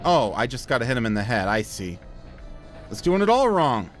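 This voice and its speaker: A man's voice: mid-range voice, big pitch swings, moderate pace, faint music behind. A young man giving casual, joking commentary over a video game he is playing. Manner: self-deprecating, joking, reads game lines aloud in silly voices. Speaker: gameplay commentator. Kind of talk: casual let's-play commentary.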